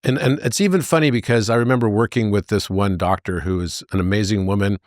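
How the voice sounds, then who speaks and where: A man as a podcast guest, telling anecdotes in an animated way and jumping into high voices for the characters. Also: fast, dry recording, clean studio sound. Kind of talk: conversational storytelling.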